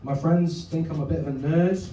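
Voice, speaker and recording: A young man doing a stand-up comedy set, deadpan and hesitant, often stammering as he restarts his sentences. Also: a little high, moderate pace. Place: comedy club stage. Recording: roomy venue mic from a distance. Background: audience laughter.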